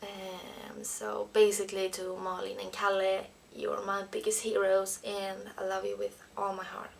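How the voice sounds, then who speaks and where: A young Swedish woman in her twenties tells a heartfelt personal story straight to camera in a vlog. Her English is slightly non-native and full of "uh" and "um". Her mid-pitched voice carries a noticeable gravelly fry. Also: completely flat delivery, a little slow, slight background noise. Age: 20s. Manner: emotional, earnest, non-native phrasing with frequent fillers. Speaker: vlogger. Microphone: camera mic.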